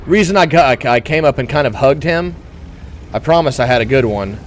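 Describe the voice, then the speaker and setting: A young man commenting on his own tank gameplay in a put-on gruff voice, excitable and quick to whoop and laugh. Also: medium pitch, a little hiss or hum. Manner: talks in a put-on gruff tanker voice. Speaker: gaming YouTuber.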